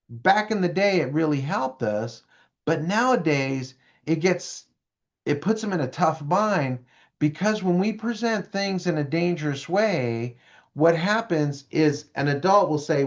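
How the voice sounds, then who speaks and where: A man lectures parents, animated and full of stories and audience questions. His voice sits a bit high for a man. The recording sounds dull and lo-fi. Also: measured pace. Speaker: prevention speaker for parents. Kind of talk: parent education presentation.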